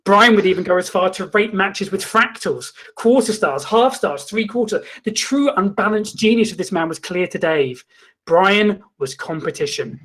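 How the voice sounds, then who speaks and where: A man hosting a comedy show, reading a mock-documentary story in a deadpan, mock-dramatic way. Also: high voice, normal speed. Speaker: comedy host. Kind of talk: mock-documentary comic narration.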